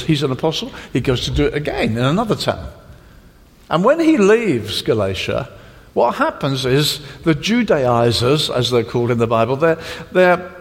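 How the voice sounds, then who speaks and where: A man preaching a sermon, telling stories and acting out the people he quotes. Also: a little high. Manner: animated storytelling, acting out quoted voices. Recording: long hall reverb.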